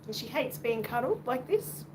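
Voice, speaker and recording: A woman's voice: a little high, very animated, normal speed. A young Australian woman from Western Australia chatting casually on a livestream at home, rambling and swearing now and then, and talking to her cat. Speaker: livestream host. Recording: noisy background.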